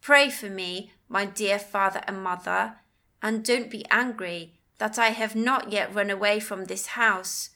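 Slow, bright-voiced woman narrating. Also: medium pitch, fairly even intonation. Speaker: audiobook narrator. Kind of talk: first-person audiobook narration.

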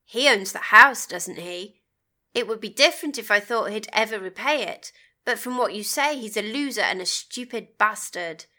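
A woman's voice: mid-range voice, animated, moderate pace, sharp tone. A woman voicing a stubborn, tight-fisted middle-aged husband, curt and scornful.

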